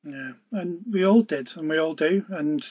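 A man hosts a podcast interview, asking his questions gently and with some hesitation. His voice sits a little higher than most men's. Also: moderate pace, husky, lo-fi sound. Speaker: podcast host.

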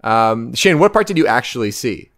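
A man's voice: medium pitch, sing-song, normal speed, fairly bright tone. A man co-hosting a casual podcast chat, hesitant and full of fillers and restarts.

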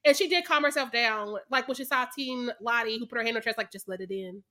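A woman co-hosting a casual podcast chat, animated and expressive, acting out quotes, swearing and laughing a lot. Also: fairly high pitch, fast talker. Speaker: podcast co-host.

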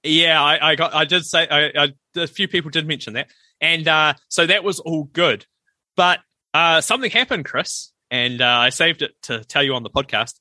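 A man's voice: on the high side, normal speed, bright, forceful tone, dry recording. A middle-aged man, co-hosting a casual podcast and telling stories animatedly, acting out the voices he quotes. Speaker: podcast co-host. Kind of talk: casual chat.

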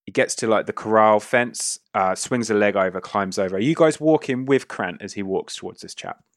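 A man's voice: fairly low pitch, normal speed, no room sound, clean studio sound. A man narrating a western tabletop game as game master, describing scenes loosely with many fillers.

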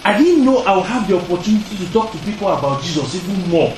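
A man's voice: high voice, very animated, quick pace, a little mellow. A man preaching a sermon to young people, acting out little dialogues and laughing now and then. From Nigeria. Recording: echoey room, heard from a distance, noisy.

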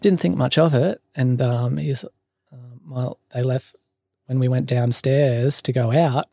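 Medium in pitch, fairly even in intonation and a little slow, this man's voice is creaky and dark, recorded cleanly in a studio with no room sound. He's an Australian podcast guest telling a long, rambling story casually, peppered with ums, likes and swearing.

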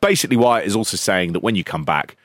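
A man chatting casually about wrestling on a podcast, sarcastic and quick to mimic voices. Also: on the low side, lively intonation, a bit bright, dry recording. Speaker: podcast co-host.

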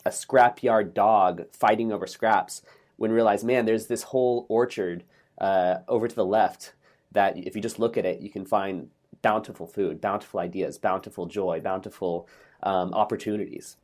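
A middle-aged man, a podcast guest, telling a joke and stories in a lively, optimistic way in a casual interview. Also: fairly low pitch, moderate pace. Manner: energetic, optimistic, acts out voices in a joke.

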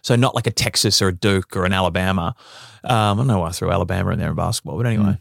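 Australian man, young adult, lively storyteller, swears freely, dry close sound. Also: sits low, rapid-fire, gravelly, no room sound. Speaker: podcast guest, former basketball player. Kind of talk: casual podcast chat.

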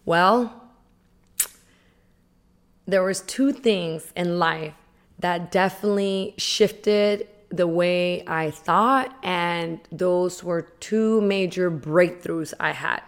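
A woman giving an earnest, emotional personal testimony, with emphatic pauses. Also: lowish voice.

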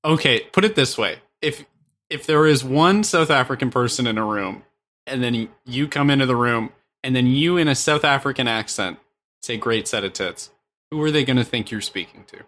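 A man's voice: mid-range voice, a little fast, fairly bright tone. A man co-hosting a comedy podcast, making wry, laughing asides. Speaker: podcast co-host.

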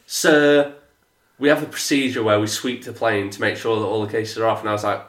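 A man, telling a story in a casual podcast chat, animated and swearing, mimicking others in a flat lowered voice. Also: fairly quick. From England. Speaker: podcast co-host. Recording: echoey room.

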